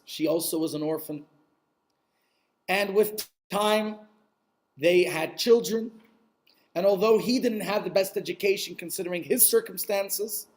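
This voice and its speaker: Animated male storyteller, high voice. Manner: animated, peppered with Yiddish words. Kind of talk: Hasidic story told aloud.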